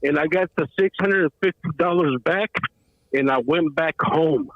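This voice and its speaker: High-voiced caller with a streetwise ramble. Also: male voice, normal speed, no echo. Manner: rambling, streetwise slang, repeats "bro". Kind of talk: casual storytelling. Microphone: phone call. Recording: tinny phone line.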